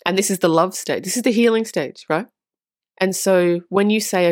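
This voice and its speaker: A woman with a fairly low voice talks straight to her viewers in a casual, earnest monologue. She leans on repetition to drive her points home and drops a swear word now and then. The sound is dry and close, with no room echo. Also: brisk. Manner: earnest and emphatic, repeats phrases for stress. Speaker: spiritual vlogger on twin flames.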